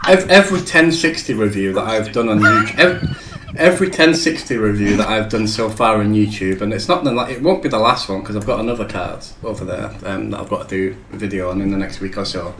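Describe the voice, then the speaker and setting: A man's voice: on the low side, wildly swooping pitch, a little fast, few pauses, a bit bright, roomy sound, slight background noise, rough recording. A man hosting a casual tech chat show, rambling and joking with frequent swearing. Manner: rambling, swears freely, jokey. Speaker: show host.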